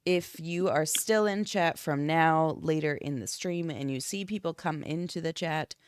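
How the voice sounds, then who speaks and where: A woman's voice: low-pitched, measured pace, clear, resonant tone, dry recording, studio quality. A woman who is sick and congested, co-hosting a true-crime stream in a casual, swearing chat. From Florida. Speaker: podcast co-host. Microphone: streaming desk mic.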